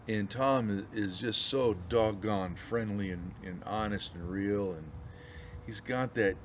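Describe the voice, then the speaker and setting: A man from the United States, a pastor chatting casually to viewers in a rambling, folksy way with many restarts. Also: lowish voice. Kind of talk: casual pipe-smoking video chat. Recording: slightly dull audio with faint background noise.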